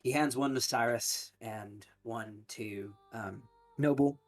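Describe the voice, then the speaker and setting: A man narrating as game master of a tabletop game, often pausing with ums, with faint music behind. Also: mid-range voice. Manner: hesitant, many ums.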